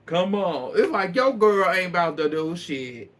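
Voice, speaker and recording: A man's voice: high voice, very animated, normal speed, a bit bright. A man giving a casual, profane recap of a reality TV episode, laughing often as he talks. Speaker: reaction vlogger.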